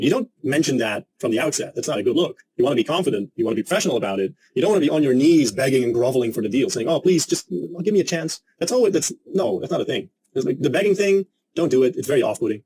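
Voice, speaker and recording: A man teaching a sales lesson, emphatic and energetic, and he acts out the clients he quotes. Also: medium pitch, rough recording. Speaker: sales coach.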